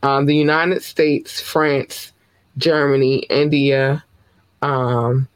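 A man hosting a podcast, talking casually with chatty, affectionate, rambling shout-outs to his listeners. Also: medium pitch, flat delivery, takes it slowly, clear, resonant tone, dry recording. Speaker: podcast host.

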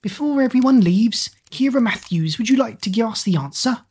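A woman voicing a timid, mousy schoolteacher with a squeaky voice. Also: animated, moderate pace, a little mellow, breathy edge. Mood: concerned.

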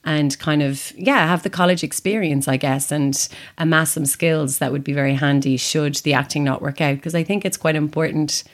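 A woman's voice: deep voice, fairly even intonation, moderate pace, few pauses. An Irish woman in her thirties, a guest telling stories in a casual chat and laughing easily. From Ireland. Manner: chatty storytelling, laughs easily.

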